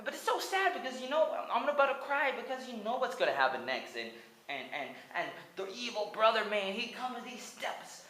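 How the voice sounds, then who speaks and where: Brisk and sing-song, this twenty-something from the United States gives a rambling, funny recap of a cartoon film, full of stammered restarts, many "likes," and bursts of song. The mid-range voice is a bit bright, and the rough recording has an echoey room.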